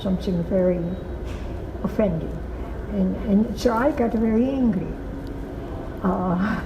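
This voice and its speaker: Older woman with a gravelly voice. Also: medium pitch. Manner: slow, halting, emphatic storytelling. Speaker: Holocaust survivor giving testimony. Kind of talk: recorded testimony. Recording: echoey, muffled recording with noise.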